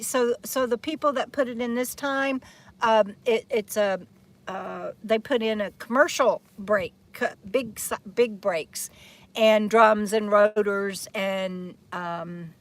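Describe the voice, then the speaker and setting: Woman vlogger, casual live-stream chat outdoors, rambling and giggly, voice sits a touch high. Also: fairly bright tone. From Texas. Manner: chatty, rambling, laughs often. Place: outdoors in the shade beside an RV.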